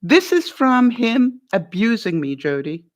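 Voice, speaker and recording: Older woman telling a lively workplace story. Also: on the high side, measured pace. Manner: animated anecdote-telling, quotes both sides of a phone call, laughs often. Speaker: vlogger giving life advice. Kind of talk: casual storytelling to viewers.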